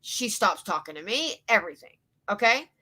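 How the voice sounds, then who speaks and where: A woman's voice: mid-range voice, very animated, moderate pace, bright, forceful tone, slightly rough. A woman from Louisiana with a Southern accent, giving a profane, indignant reaction commentary. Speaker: commentary YouTuber.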